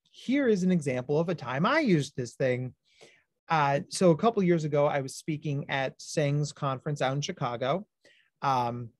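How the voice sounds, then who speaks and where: A man, a clinical psychologist, giving a high-energy livestreamed talk to parents, explaining ideas plainly and acting out lively stories to make his points. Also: dry recording, studio quality. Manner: high-energy, animated storytelling.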